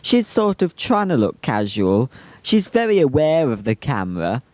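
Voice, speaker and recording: A cheeky man narrating home videos with teasing asides. His pitch is lively and jumps around, and the sound is dry and close. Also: normal speed, dry recording. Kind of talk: humorous home-video voice-over commentary.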